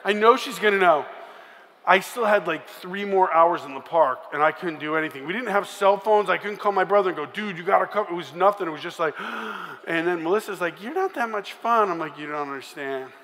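Performing voices and sound effects, a man entertains a youth conference audience with a comic story in a large conference hall. His high, fairly bright voice moves a little fast, and the live space adds long reverb and a faint background of room noise.

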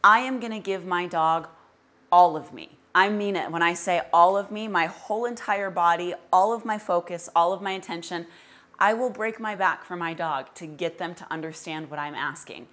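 A woman's voice: fairly low pitch, moderate pace, a bit bright. A woman dog trainer explains her method in a direct, emphatic teaching manner and uses everyday comparisons. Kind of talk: instructional explanation.

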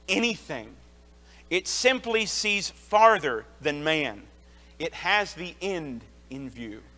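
Earnest preacher with a bright, high voice. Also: male voice. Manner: earnest, confessional preaching with personal stories and frequent restarts. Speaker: associate pastor. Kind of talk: sermon. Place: church sanctuary. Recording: long church hall reverb.

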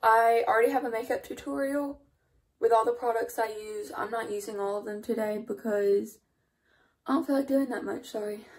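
A woman's voice: a little high, normal speed, a little mellow. A sleep-deprived teenage woman, vlogging casually at home in a chatty, rambling way with apologetic asides. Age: teens. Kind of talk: casual vlog talk to camera.

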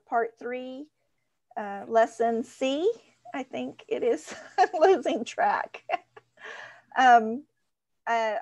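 A woman's voice: a little high, darkish tone, no room sound, lo-fi sound. A woman moderating an online class, welcoming everyone in a casual, light way with fillers.

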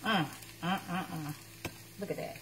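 A woman's voice: lowish voice, measured pace, background noise. A woman cooking at home on a live stream, chatting and teasing as she talks to her viewers. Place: home kitchen. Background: clatter of dishes and cutlery.

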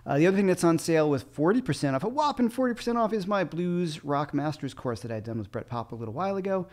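A man's voice: fairly high pitch, animated, fast, a little mellow. A man who teaches guitar, chatting casually on a livestream with loose, rambling asides.

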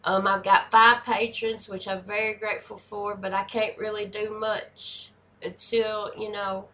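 A woman in her forties hosting a reaction video, chatting casually and hyping things up with excitable energy. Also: medium pitch, unhurried, slight background noise. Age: 40s.

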